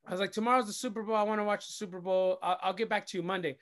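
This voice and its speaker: Guy with a high voice telling a story all animated, cussing, doing the other people's lines. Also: racing. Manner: expressive, swears casually, acts out quoted dialogue. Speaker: DJ and radio host, interview guest. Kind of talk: animated storytelling in casual chat.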